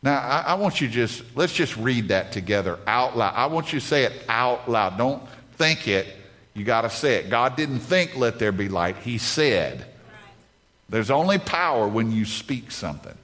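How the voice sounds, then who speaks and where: A man's voice: medium pitch, big pitch swings, normal speed, a bit bright. A man preaching a sermon at a conference, emphatic, repeating key phrases over and over. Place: conference stage.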